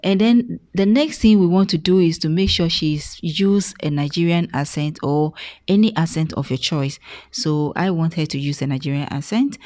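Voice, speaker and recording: A woman hosting a software tutorial, explaining each step in an instructive way. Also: deep voice, no room sound. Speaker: tutorial host. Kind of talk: screen-recorded software tutorial.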